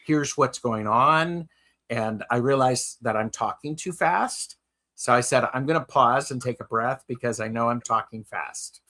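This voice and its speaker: Bright-voiced man telling a story. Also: medium pitch, normal speed. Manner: storytelling, repeats words while gathering thoughts. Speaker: host. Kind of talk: casual chat.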